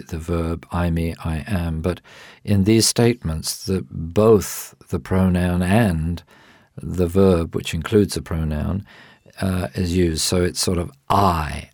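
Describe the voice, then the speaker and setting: A man with a very low voice talks through a Bible passage for a radio show, slowly and carefully. He pauses on ums and restarts as he explains. The sound is dry and close. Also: a little mellow, no echo. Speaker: Bible teacher. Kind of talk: radio Bible teaching interview.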